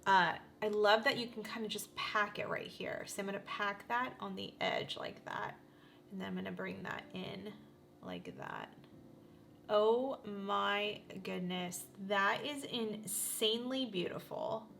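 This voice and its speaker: A woman in her forties gushing through a casual makeup tutorial, talking straight to her viewers with frequent excited exclamations. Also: mid-range voice, unhurried, creaky, slight background noise. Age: 40s. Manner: gushing, animated, exclaims often. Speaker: beauty vlogger.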